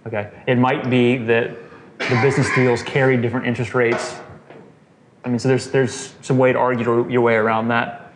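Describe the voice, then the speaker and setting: A man's voice: medium pitch, flat delivery, normal speed. A man leading a Bible study in a casual, conversational way, quizzing his group and checking in with "okay" and "right.". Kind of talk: conversational scripture teaching. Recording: roomy echo, faint noise.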